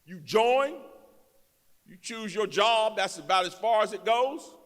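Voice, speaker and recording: A man preaches from a church pulpit in a folksy, emphatic style that climbs into shouts. His voice sits very high and sounds sharp and forceful. Long reverb from the sanctuary hangs on every phrase. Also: animated, a little slow. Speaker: guest speaker, elected official. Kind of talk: fiery preaching.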